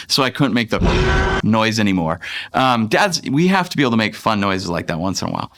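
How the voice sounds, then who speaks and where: A man's voice: fairly low pitch, lively intonation, a little fast, noisy background. A man in his thirties, a pastor, preaching a sermon in a conversational, playful way and acting out voices from the scripture.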